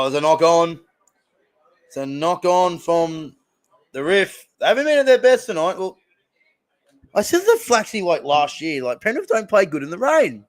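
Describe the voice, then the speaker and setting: Rambling Australian man hosting a stream. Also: on the high side. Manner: rambling, animated reactions to plays. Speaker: live stream watch-along host. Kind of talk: casual live commentary and chat.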